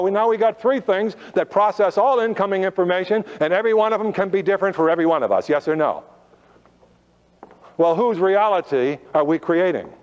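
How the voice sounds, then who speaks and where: A man's voice: fairly high pitch, darkish tone. A man giving a motivational talk to a live audience, firing rhetorical questions and drawing out his key phrases. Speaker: motivational speaker. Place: auditorium. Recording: lo-fi recording with long hall reverb.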